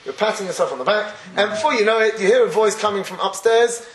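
A man's voice: high-pitched, quick pace, reverberant, slight background noise. A man giving a Torah class, conversational and chuckling often as he acts out everyday scenes. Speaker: Torah teacher.

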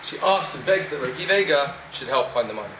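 A man telling a story in a sermon, animated, acting out the voices of the people in it. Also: medium pitch, fairly quick, slight background noise. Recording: echoey room, faint ambience.

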